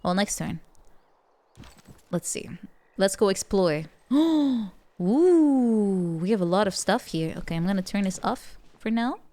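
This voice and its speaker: A woman's voice: medium pitch, expressive, takes it slowly, long pauses, mellow. A woman streaming a strategy game, chatting playfully and reacting animatedly, often repeating words as she stammers and laughing between remarks. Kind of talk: casual live game-stream chat.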